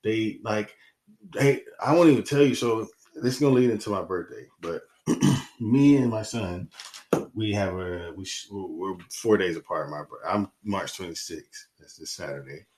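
A man talks in a lowish voice on his solo podcast. He rambles and curses, and his frustration keeps spilling over. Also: normal speed, a little mellow. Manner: heated, profane, rambling. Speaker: podcast host. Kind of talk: casual solo podcast monologue.

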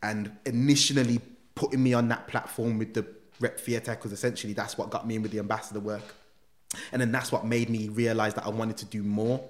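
A man telling an animated personal story as a podcast guest, full of slang. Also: on the low side, brisk. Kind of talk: casual storytelling.

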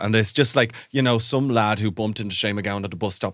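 A man's voice: fairly low pitch, fast talker, hardly any pauses, a bit bright, no echo, studio quality. An Irish man co-hosting a comedy podcast, telling long rambling anecdotes. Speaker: podcast co-host. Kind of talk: comedic storytelling.

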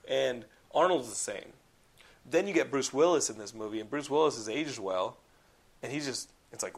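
A man's voice: mid-range voice, normal speed. A man in casual chat reviewing films, rambling with lots of "like" and swearing. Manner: rambling, heavy use of "like", profane and animated. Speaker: podcast co-host reviewing films.

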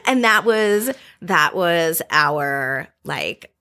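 A woman in her thirties, a podcast guest, chatting casually and telling stories with lots of quick asides. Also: low-pitched, animated, sharp tone. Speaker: podcast guest, former White House staffer. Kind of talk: casual storytelling chat.

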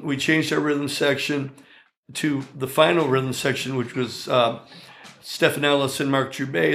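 Gravelly older man telling stories. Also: on the high side. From Chicago area, USA. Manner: animated, chatty, full of asides. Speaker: songwriter and guitarist, guest. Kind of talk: storytelling interview.

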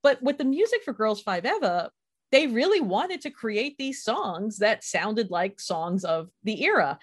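A woman's voice: fairly high pitch, sing-song, measured pace. A woman host chatting casually and enthusiastically, with frequent laughs. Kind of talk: casual chat.

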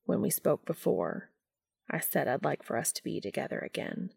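A woman voicing Cass, a calm soft-spoken man. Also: deep voice, moderate pace, creaky, slightly rough, voice pushed down, heavily acted. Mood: earnest. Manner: quiet, murmured, soothing.

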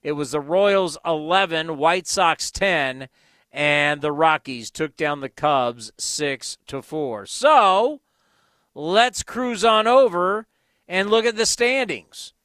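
An excitable man hosts a sports radio segment and runs through the scores. His voice sits a little high and sounds bright and forceful, and he delivers the results at an unhurried pace. He is recorded in a dry space with no echo. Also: smooth. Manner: excitable, bursts into loud exclamations. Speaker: radio sports show host. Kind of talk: scoreboard rundown.

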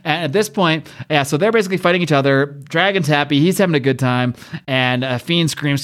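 A man in casual podcast conversation, speaking in a slightly high voice and audibly enjoying himself. He talks excitedly, often laughing and restarting his sentences, with plenty of fillers. He sounds loose and unscripted, like chatting with a friend. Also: a little fast. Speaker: podcast host.

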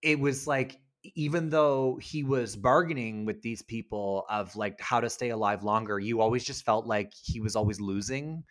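A man's voice: fairly low pitch, fairly even intonation, normal speed, hardly any pauses. A man co-hosting a podcast, talking about a film in a chatty, earnest way and often restarting his sentences. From Canada. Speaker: podcast co-host. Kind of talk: casual film discussion.

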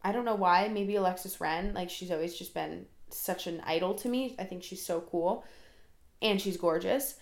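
A woman's voice: on the low side, moderate pace, creaky, reverberant. Chatty rambling young woman podcaster. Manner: rambling, chatty, self-deprecating. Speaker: podcast host. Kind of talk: casual solo podcast monologue.

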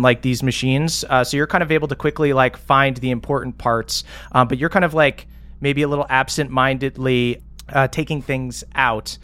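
A man's voice: medium pitch, a bit bright, no room sound. Man casually narrating a tabletop game. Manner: casual, hesitant narration with many fillers. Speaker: game master.

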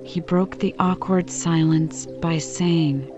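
A woman narrating a classic novel as an audiobook reader, steady and even, in a dull lo-fi recording with music behind. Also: on the low side, takes it slowly. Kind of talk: scripted narration.

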